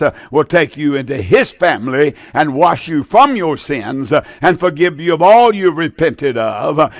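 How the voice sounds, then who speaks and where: An older man preaches over the air, fervent and folksy, leaning on "uh" as he repeats his points. His voice sits a bit high for a man. The sound is close and dry, with no room around it. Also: fairly bright tone, no echo. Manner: folksy, repetitive, fervent, many "uh" fillers. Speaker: radio preacher taking calls. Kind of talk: call-in gospel broadcast preaching.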